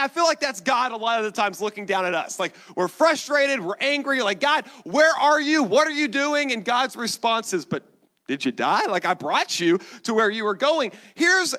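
A man's voice: high-pitched, pushed and bright. A male pastor preaching a sermon in a conversational way, with asides to the congregation.

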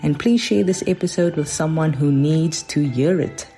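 A woman hosting a podcast, giving a slow, earnest outro narration. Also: low voice, warm tone. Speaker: podcast host. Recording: faint music underneath.

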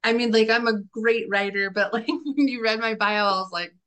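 A woman's voice: on the high side, normal speed, a bit bright. A woman salon owner as a podcast guest, talking in a rambling, self-deprecating way full of "like". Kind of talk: conversational podcast interview.

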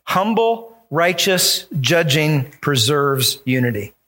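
A man's voice: on the high side, big pitch swings, slow, bright, forceful tone. A male pastor preaching a sermon, emphatic and acting out the voices he quotes.

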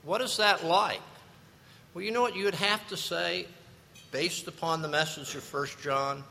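Slow-talking preacher man, bright lively voice, big echoey church hall. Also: on the high side, vocal fry, slight background noise. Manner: storytelling preacher, lively and animated. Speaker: pastor. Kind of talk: sermon. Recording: long reverb of a large hall.

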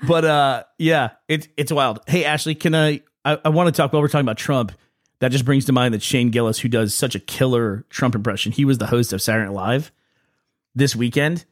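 A man's voice: medium pitch, fairly quick, no room sound, clean studio sound. A man hosting a podcast, rambling through casual stories and chuckling often. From United States. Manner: rambling storyteller, laughs often. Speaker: podcast host. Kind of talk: casual chat.

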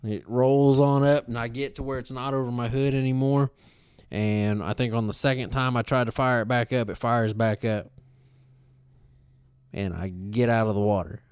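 A man's voice: medium pitch, moderate pace, smooth, no echo. A man, co-hosting a podcast and telling a story in casual chat, swearing a lot and filling his sentences with "like". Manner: animated storytelling, heavy swearing, frequent fillers. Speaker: podcast co-host.

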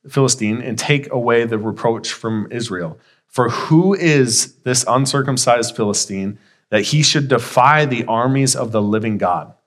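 A man's voice: medium pitch, a bit bright. A young man preaching a sermon, reading scripture and retelling it in casual, conversational paraphrase.

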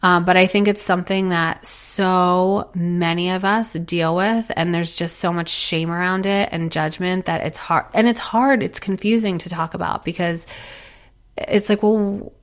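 A woman in her thirties talking alone as a podcast host, giving earnest, encouraging advice in a reflective way and often repeating herself gently. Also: lowish voice, fairly even intonation, unhurried. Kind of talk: reflective solo advice talk.

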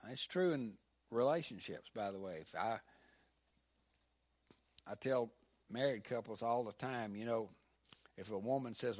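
An older man preaching a sermon as pastor, animated, swinging between loud emphasis and hushed asides. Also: medium pitch, normal speed.

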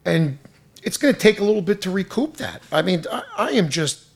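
A man rants in a high, gravelly voice that swings wildly up and down as he vents. He is loud, profane and exasperated. His delivery is full of mocking retellings. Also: sing-song, a little fast, slight background noise. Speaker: restaurant owner venting. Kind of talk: angry profane rant.

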